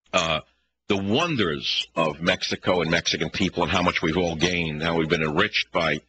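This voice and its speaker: A man's voice: low-pitched, bright, forceful tone, a little hiss or hum, low-quality recording. A man with a Bronx New York accent hosting a talk radio show, ranting combatively and firing off rhetorical questions.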